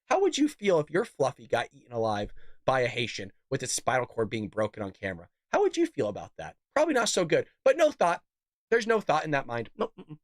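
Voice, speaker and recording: A man's voice: medium pitch, wildly swooping pitch, brisk, no room sound, studio quality. A male show host giving a sarcastic, indignant political rant, sick and coughing. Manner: sarcastic, indignant, rhetorical questions.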